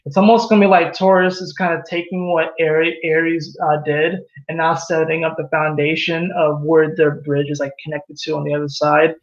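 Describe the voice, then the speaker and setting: Male tarot reader, high and chatty, dull lo-fi home recording. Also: gravelly. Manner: animated, laughs at own jokes, acts out quoted voices. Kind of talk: casual tarot reading monologue. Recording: echoey room, dull lo-fi sound.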